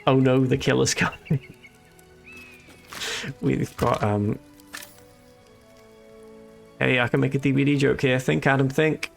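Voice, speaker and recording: A man streams a game with casual, rambling commentary, cracking jokes and amused at himself. His voice has a gravelly, creaky edge at medium pitch, and faint game music sits underneath. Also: steady tone, slow pace, pauses often. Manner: joking, rambling, self-amused. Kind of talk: casual let's-play commentary.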